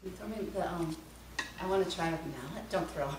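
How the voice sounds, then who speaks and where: A woman unboxing an instrument in a casual vlog, gushing and excitable, laughing often. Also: on the low side, a little fast. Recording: roomy, mic at a distance, background noise.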